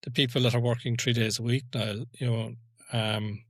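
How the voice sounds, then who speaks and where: A man's voice: mid-range voice, little pitch movement, moderate pace, a bit bright, no echo, clean studio sound. An Irish man in his forties on a podcast, asking his friends probing questions about work. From Ireland. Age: 40s. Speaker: podcast co-host. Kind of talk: casual chat among friends.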